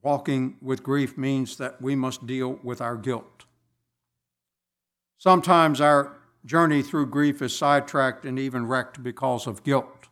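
Slow, deliberate male preacher. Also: medium pitch, steady tone, a bit bright. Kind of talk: sermon.

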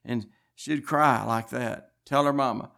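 A man's voice: mid-range voice, a little slow, creaky, fairly bright tone. A man preaching a sermon, telling stories in an earnest, insistent way with many restarts. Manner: rambling storytelling with frequent restarts.

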